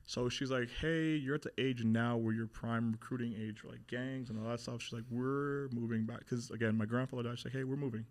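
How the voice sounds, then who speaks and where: A man's voice: mid-range voice, fairly quick, few pauses. A young man, a guest on an interview podcast, candidly telling a personal story, animatedly acting out what others said, with plenty of swearing and fillers. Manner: animated retelling, acting out quoted voices, frequent swearing and fillers.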